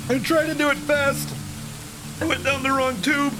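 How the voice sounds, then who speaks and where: A male streamer with a high voice talks through his game in a loose, rambling way. He swears freely and pokes fun at himself, sounding a little hoarse. Music plays clearly behind him. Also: level tone, moderate pace. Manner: rambling, profane, self-mocking. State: slightly hoarse after choking. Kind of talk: casual let's-play chat.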